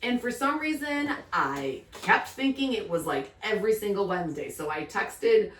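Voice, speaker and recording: A woman's voice: mid-range voice, animated, normal speed, echoey room, recorded from a distance, slight background noise. A woman co-hosting a casual podcast, telling stories in a chatty way and acting out the quotes. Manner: chatty storyteller, acts out quotes with laughter. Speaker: podcast co-host. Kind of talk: casual chat.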